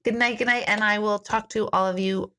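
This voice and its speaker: A chatty woman hosts a relaxed live-stream question-and-answer session from her home. Her talk is informal and friendly. She reads viewers' comments aloud, laughs easily and moves on in an easygoing way. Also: mid-range voice, a little fast. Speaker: intuitive hosting a live Q&A. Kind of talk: casual live-stream chat. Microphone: live-stream device mic.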